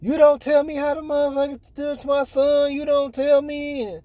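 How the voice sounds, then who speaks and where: A man voicing a furious young mother who shouts indignantly in a store. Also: flat delivery, moderate pace, dry recording. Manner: shouting, high-pitched and indignant.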